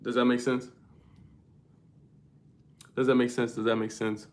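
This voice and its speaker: A man's voice: mid-range voice, level tone, unhurried, a little mellow, reverberant. A young man hosting a livestream, talking loosely and slangily straight to his viewers' chat. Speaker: livestream host.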